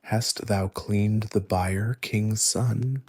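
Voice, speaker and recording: A man voicing a demanding giant who sets hard tasks, speaking slowly and softly in old-fashioned words, in soft ASMR storytelling. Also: lowish voice, steady tone, slightly rough, no echo, full character voice. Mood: stern. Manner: slow, hushed, formal old-fashioned speech. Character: demanding male giant, gruff taskmaster.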